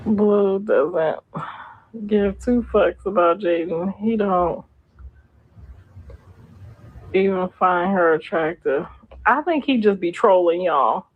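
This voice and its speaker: A woman's voice: fairly low pitch, slow pace, long pauses, narrow, tinny audio. A middle-aged woman hosting a casual gossip livestream, blunt, sassy and freely profane. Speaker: host.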